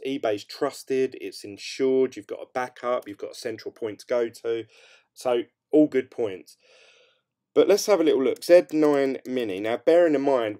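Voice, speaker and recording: Mellow-voiced man rambling on a livestream. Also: fairly low pitch. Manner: rambling and upbeat, full of hedges and "um"s. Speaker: crypto mining streamer. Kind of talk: casual late-night livestream chat, reading viewer comments.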